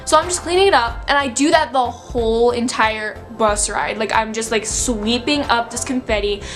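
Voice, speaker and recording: A woman's voice: on the high side, moderate pace, soft background music. A young woman in her late teens telling a storytime vlog in a chatty, filler-heavy, breathless way. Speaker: vlogger.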